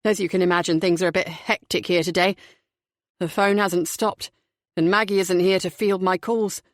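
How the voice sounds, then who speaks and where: A woman's voice: on the low side, steady tone, no echo, studio quality, natural voice. A woman doing a flustered young businessman. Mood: apologetic. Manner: apologetic, shaken and hurried. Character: nervous young male company director, flustered. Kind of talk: audiobook character voicing.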